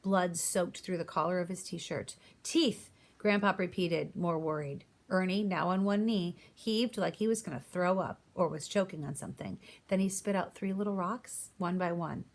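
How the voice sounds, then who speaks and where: A woman reading a children's novel aloud, narrating and giving voice to each character. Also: lowish voice. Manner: reads aloud, voicing each character's lines. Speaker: audiobook reader. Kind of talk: storybook narration.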